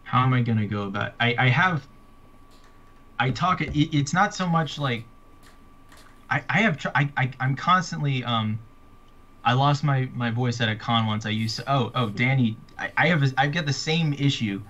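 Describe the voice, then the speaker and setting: A man's voice: medium pitch, lively intonation, pushed and bright, highs cut off. A man, an author, chatting casually about his books and readers, stumbling and restarting often. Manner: halting, many restarts and fillers. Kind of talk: casual chat.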